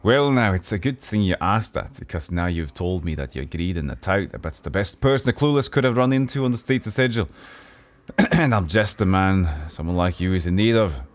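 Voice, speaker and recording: A man's voice: deep voice, lively intonation, a little fast. Man doing a folksy old Scottish ex-guard. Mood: chatty. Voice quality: folksy, drawling with old-timey phrasing. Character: friendly old retired male city guard, chatty guide.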